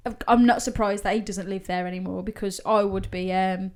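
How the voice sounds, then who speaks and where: A woman's voice: mid-range voice, fairly even intonation, a little fast, a little mellow. A woman co-hosting a podcast, casually reading out listeners' ghost stories with laughs and the odd swear word. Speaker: podcast co-host. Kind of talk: casual storytelling chat.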